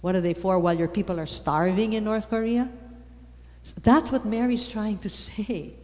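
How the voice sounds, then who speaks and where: A woman giving a lively conference talk on faith, repeating words for emphasis and rising to loud exclamations. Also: mid-range voice, normal speed. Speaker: conference speaker. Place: large conference hall. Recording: long hall reverb.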